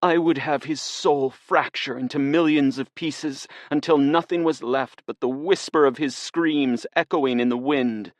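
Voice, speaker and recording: A man's voice: medium pitch, expressive, a little fast, few pauses, no echo, pitched above the performer's own voice, close to an everyday voice. A man reading an audiobook, voicing a bitter young woman who seethes with hate and menace. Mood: menacing.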